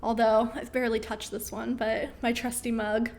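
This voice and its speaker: A young woman hosting a casual live-stream Q&A, reading viewer questions aloud and answering in a friendly way with frequent ums, her voice getting worn as she keeps clearing her throat. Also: fairly high pitch, flat delivery, normal speed, a little mellow, a little hiss or hum.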